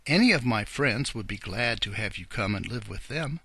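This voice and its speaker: A man voicing kindly old Mother Goose, who speaks gently and matter-of-factly. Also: lowish voice, expressive, moderate pace, slightly rough, no room sound, heavily acted. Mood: helpful. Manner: gentle, matter-of-fact storyteller's tone.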